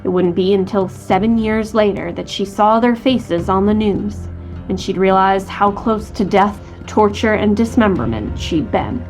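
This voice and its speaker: A woman's voice: medium pitch, measured pace, a little mellow, faint music behind. A woman co-hosting a podcast, reading a true crime story from a script and voicing quotes from the people in it. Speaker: podcast co-host.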